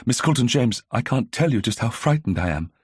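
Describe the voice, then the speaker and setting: A man's voice: mid-range voice, lively intonation, a little fast, darkish tone, no echo, clean studio sound, pitched above the performer's own voice. A man reading an audiobook, voicing an anxious, frightened young woman who talks hesitantly. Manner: hesitant, breathy half-whisper. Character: nervous, anxious young woman, village heiress.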